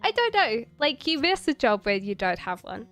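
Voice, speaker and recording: A woman's voice: on the high side, sing-song, normal speed, a bit bright, soft background music. A woman with an Australian accent blended with British, chatting casually on a live stream as a tarot reader, rambling and giggling with lots of fillers. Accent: Australian mixed with British.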